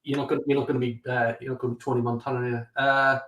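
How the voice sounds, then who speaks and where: A man's voice: mid-range voice, level tone, very fast, fairly bright tone, roomy sound. A male host joking and teasing his guest in a casual chat over a video call. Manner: teasing, jokey.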